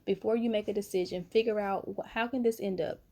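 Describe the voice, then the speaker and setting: A woman's voice: mid-range voice, quick pace. A young adult woman from North Carolina, telling a story in a casual vlog and calling her viewers honey and baby. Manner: chatty, animated, uses pet names like honey and baby. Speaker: vlogger. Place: at home, late at night.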